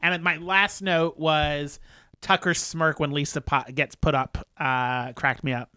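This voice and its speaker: A man co-hosting a podcast in casual chat, playful and quick to laugh. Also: fairly high pitch, fairly even intonation, sharp tone, clean tone, no echo. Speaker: podcast co-host.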